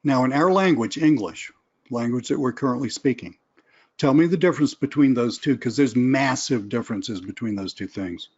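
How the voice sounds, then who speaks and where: A man's voice: mid-range voice, normal speed, darkish tone, slightly rough. A man teaches a live webinar in a loose, conversational way. His voice sits in an everyday middle register. The audio is a bit dull and lo-fi. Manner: casual, conversational, acts out phone calls. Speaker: sales trainer. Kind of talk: live webinar teaching with role-play calls.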